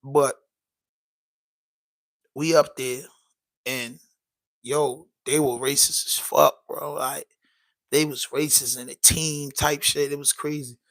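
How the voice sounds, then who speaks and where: Male podcast host, loose and emphatic, with a sharp, somewhat high voice. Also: little pitch movement, takes it slowly, gravelly, pauses often, low-quality recording. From Baltimore. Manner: loose, emphatic, peppered with "you know what I'm saying". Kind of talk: casual livestream chat.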